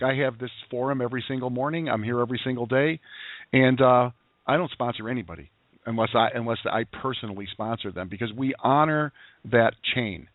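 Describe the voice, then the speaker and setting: A man's voice: mid-range voice, dry recording. A man hosting a call-in broadcast, telling stories in a rambling, folksy way with many restarts, heard over a tinny, dry phone line. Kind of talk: casual talk to callers.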